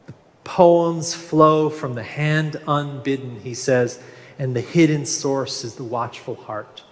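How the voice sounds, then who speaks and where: A man preaching a sermon as minister, slow and measured with gentle humor. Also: medium pitch, fairly even intonation. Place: large church sanctuary. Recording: long reverb of a large hall.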